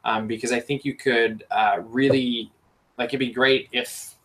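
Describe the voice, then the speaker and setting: A man's voice: medium pitch, little pitch movement, a little slow, fairly bright tone, low-quality recording. A man hosting a casual podcast chat, enthusiastic and rambling with lots of fillers. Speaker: podcast host.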